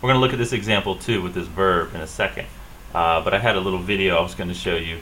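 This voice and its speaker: Low bright-sounding guy teaching spanish stress, repeats words over and over, bit of hiss behind. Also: rough recording. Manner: slow, drilling repetition of words. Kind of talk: classroom lesson.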